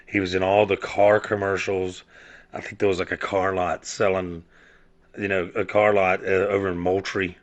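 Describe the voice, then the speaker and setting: A man's voice: low voice, little pitch movement, moderate pace. A man from South Georgia, hosting a casual podcast monologue, rambling and swearing with many fillers and restarts. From South Georgia, USA. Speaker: podcast host.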